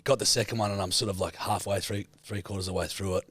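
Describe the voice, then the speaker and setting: A man's voice: low voice, fast talker, no echo. Sweary Australian man telling a yarn. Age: 30s. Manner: swears freely, animated storyteller. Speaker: podcast co-host. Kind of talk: casual storytelling chat.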